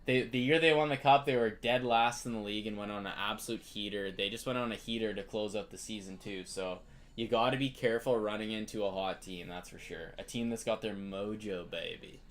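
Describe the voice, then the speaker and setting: A man's voice: lowish voice, steady tone, brisk, a little hiss or hum. A young Canadian man hosting a live card break stream, chatting casually and greeting viewers by name.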